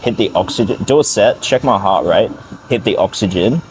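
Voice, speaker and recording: A man's voice: fairly low pitch, lively intonation, brisk, a little mellow, a little hiss or hum, poor audio. A man vlogging casually from a gym, chatty and hyped as he talks through his workout. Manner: hyped, chatty, self-amused. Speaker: fitness vlogger. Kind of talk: casual vlog commentary.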